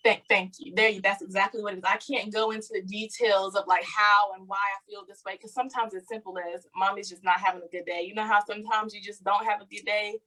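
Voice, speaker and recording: A woman's voice: mid-range voice, flat delivery, quick pace, few pauses, sharp tone, rough recording. Woman host, earnest and candid, casual parenting talk. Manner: earnest, searching for words. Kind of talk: casual conversation about parenting.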